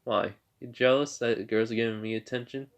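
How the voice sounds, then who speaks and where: A man's voice: medium pitch, steady tone, a little fast, muffled recording, lightly acted. A man voicing a laid-back, teasing teenage boy hero in a fan-made story, offhand and unbothered. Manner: drawling, offhand, indifferent.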